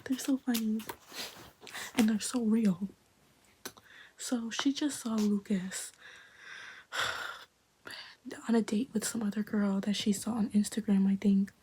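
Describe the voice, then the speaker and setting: A woman's voice: medium pitch, steady tone, slow pace, pauses often, a little mellow, slightly rough, low-quality recording. A woman reading a webtoon aloud and reacting in casual, often half-whispered talk.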